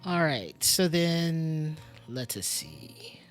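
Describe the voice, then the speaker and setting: During a casual live-stream game commentary, a streamer thinks aloud, muttering and musing with lots of fillers. The mid-range voice is very animated yet very slow, with soft music in the background.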